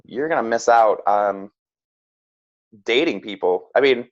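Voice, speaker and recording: A man's voice: medium pitch, measured pace. A man speaking as a podcast guest, earnest and frank, with many "like"s and "right?"s. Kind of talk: casual reflective chat. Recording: slightly dull lo-fi sound.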